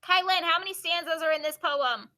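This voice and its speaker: A woman's voice: extremely high pitch, a little fast, bright, forceful tone. A woman teacher reading a book of poems aloud to her class, stopping to ask students questions and explain.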